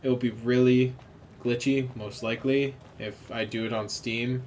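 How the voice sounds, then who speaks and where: A tired man streaming a video game, chatting casually, swearing freely and reacting loudly to the action. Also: medium pitch, steady tone, measured pace. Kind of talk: casual live gameplay commentary. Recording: noticeable background noise.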